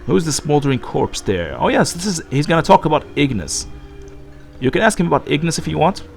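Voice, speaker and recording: A man's voice: fairly high pitch, big pitch swings, brisk, vocal fry, faint music behind. A man who is feeling ill, rambling through gameplay commentary and reading game dialogue aloud. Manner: rambling, thinking aloud with many fillers. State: sick. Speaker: let's play host.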